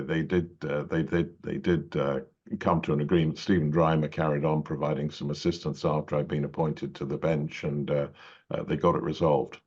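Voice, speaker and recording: A middle-aged man with an English accent, a judge telling long stories in an interview, full of fillers and restarts. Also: extremely low pitch. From England. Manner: rambling, many fillers and restarts. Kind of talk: conversational interview storytelling. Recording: dull lo-fi audio.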